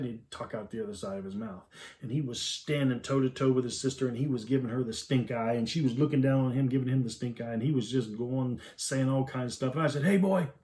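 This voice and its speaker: A man's voice: medium pitch, darkish tone. A man in his fifties, a father telling a family story in an easygoing, homespun, chuckling way. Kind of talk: folksy storytelling.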